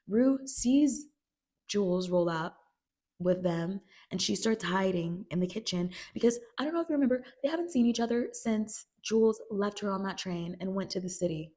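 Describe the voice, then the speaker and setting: A woman's voice: medium pitch, moderate pace, mellow. Chatty woman giving a casual recap. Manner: chatty, filler "like", acts out characters' quotes. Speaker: video creator recapping a TV series.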